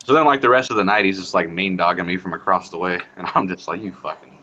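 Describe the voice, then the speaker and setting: Brief: man, lowish but bright voice, laughs a lot, swears freely, slightly muffled recording. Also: quick pace, a little hiss or hum. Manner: laughs often, profane, relaxed recounting. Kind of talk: casual storytelling chat.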